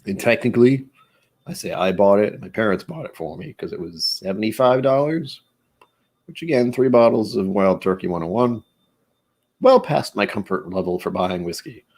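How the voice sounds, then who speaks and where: A man's voice: fairly low pitch, expressive, moderate pace, darkish tone. A man hosting a casual whiskey tasting vlog, chatty and rambling, who stumbles over words when he reads aloud. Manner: rambling, chatty, self-deprecating. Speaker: whiskey channel host.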